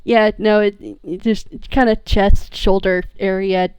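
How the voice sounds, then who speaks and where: A woman playing a tabletop game, describing her character in a halting, giggly way. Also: mid-range voice, steady tone, a little mellow, smooth, no room sound. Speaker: player. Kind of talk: tabletop role-play chat.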